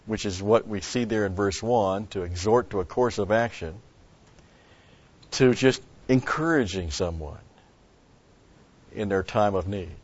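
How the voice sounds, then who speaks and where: A pastor teaching an expository Bible sermon, speaking deliberately and stopping to explain Greek word meanings. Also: male voice, lowish voice, muffled recording.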